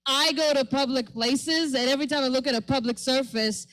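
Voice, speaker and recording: A woman's voice: high-pitched, steady tone, a little fast, fairly bright tone, poor audio. A young woman from Israel, doing a brash, profane stand-up set on a comedy lounge stage. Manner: brash, profane, acts out voices.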